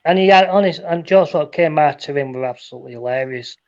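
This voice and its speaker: A man's voice: fairly high pitch, fast, a little mellow. Chatty man, lo-fi phone audio. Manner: rambling joke-telling with restarts. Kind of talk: casual chat.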